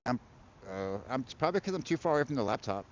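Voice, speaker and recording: A man's voice: medium pitch, very animated, quick pace, a little hiss or hum. A man chatting casually and profanely on a live stream while out in a yard with his dog, on a wireless mic. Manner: laid-back, profane, chuckling, talking to his dog. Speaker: live-streaming delivery rider. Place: outdoors in a yard. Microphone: wireless mic relaying to a laptop. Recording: dull lo-fi stream audio.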